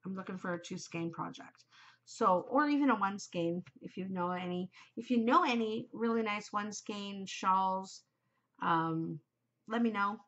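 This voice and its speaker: A middle-aged woman chatting on her own podcast, gushing and openly emotional, her speech running into little asides. Her voice sits at a middling pitch. The recording is muffled and lo-fi, as if from a home setup. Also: unhurried, a bit bright. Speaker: podcast host. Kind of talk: casual chat.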